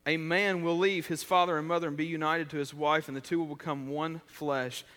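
A pastor delivers his sermon in a loose, conversational style, often starting a phrase twice. His voice sits high and bright for a man. It rings out with a long reverb, as in a large church hall. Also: steady tone, a little fast. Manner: conversational preaching, many restarts, shifts from loud to quiet.

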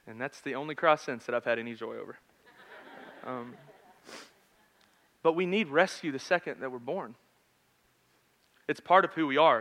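A pastor in his thirties preaches a sermon in a conversational, storytelling way, swinging between loud and hushed. His voice is medium in pitch.

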